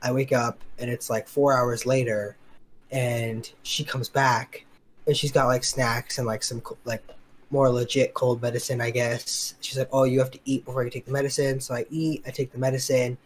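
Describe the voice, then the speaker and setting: A man's voice: medium pitch, flat delivery, moderate pace. Rambling young man telling a story. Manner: rambling, filler-heavy storytelling with acted-out quotes. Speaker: podcast co-host. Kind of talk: casual storytelling chat.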